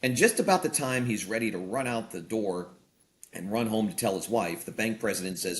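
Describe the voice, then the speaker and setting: A pastor and author, appearing as a talk-show guest, speaks a little fast in a lowish voice, preaching in a conversational style. He animates his illustrations by acting out the dialogue and pushes his key points with emphatic rises, against a slight hiss or hum.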